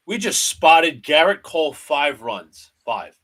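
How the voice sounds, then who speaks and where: A man calls a baseball game pitch by pitch for a live fan stream, his voice bright and forceful. He talks in short, clipped phrases, like a broadcast announcer. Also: lively intonation, a little slow. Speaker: play-by-play host of a fan stream. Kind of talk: live fan play-by-play commentary.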